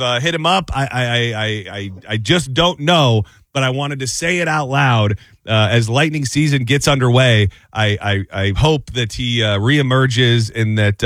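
Dude cohosting a sports chat, rambles, repeats himself a lot, dry close mic. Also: male voice, mid-range voice, no echo. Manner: rambling, repeats words, animated storytelling. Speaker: podcast co-host. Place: studio.

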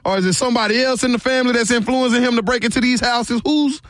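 A man's voice: very high-pitched, fast, a bit bright, no echo, studio quality. A man posing as a police officer on a prank call, drawling and teasing in a mock-serious way.

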